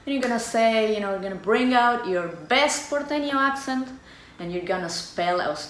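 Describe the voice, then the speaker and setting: A middle-aged woman from Buenos Aires with an Argentine Spanish accent. She is a tango teacher explaining culture in a chatty, expressive way and acts out little scenes. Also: fairly high pitch, normal speed, a little hiss or hum. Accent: Argentine Spanish (porteño). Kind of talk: casual explanatory vlog. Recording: echoey room with faint ambience.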